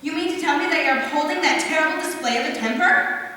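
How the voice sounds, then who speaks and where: A woman's voice: high-pitched, fast talker, sharp tone. A young stage actor playing a blunt, gossipy older neighbor woman with a tactless, preachy manner in a school musical. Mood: disapproving. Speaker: student actor. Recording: echoey hall from far off.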